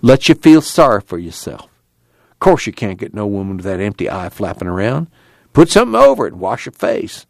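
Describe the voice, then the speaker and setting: Brief: man reading as a rough, impatient working man, gruff and blunt, animated delivery. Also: lowish voice, a little fast, no echo, exaggerated voice.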